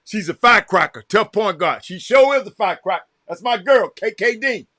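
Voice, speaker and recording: Excitable Southern man hosting a livestream. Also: high voice, fairly quick, no echo, clean studio sound. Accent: Southern American. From Texas. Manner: excitable, reacts loudly to a game while chatting; addresses viewers by name, repeats himself. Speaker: livestream host. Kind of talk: casual chat with live viewers.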